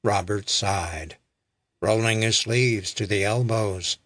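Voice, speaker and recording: A man narrating an audiobook in a measured, deliberate way. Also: fairly low pitch, fairly bright tone, dry recording, clean studio sound. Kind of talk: scripted narration.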